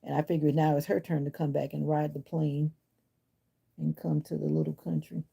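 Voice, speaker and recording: A woman's voice: low-pitched, little pitch movement, normal speed, vocal fry, warm tone, husky. A middle-aged woman chatting casually on a livestream, answering viewers' comments in a blunt, sassy way while feeling unwell. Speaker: livestream host. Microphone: phone or device mic.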